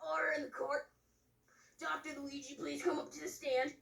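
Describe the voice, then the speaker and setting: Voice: sits high, flat delivery, moderate pace, creaky, fairly bright tone, echoey room, distant mic, voice pushed up. A performer voicing a pompous male puppet judge who speaks in a formal, officious way in a comedy video.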